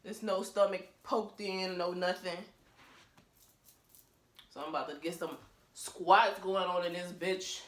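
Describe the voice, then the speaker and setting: A woman's voice: on the low side, fairly even intonation, unhurried, pauses often. A woman talking to her phone camera at home in a casual vlog, blunt, profane and emphatic, laughing often. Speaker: vlogger.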